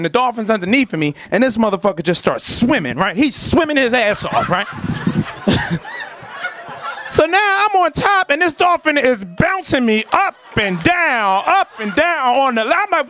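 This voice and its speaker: A man doing a stand-up comedy set, telling a story with lively acted-out voices and shouts before a laughing audience. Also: extremely high pitch, normal speed, slight background noise.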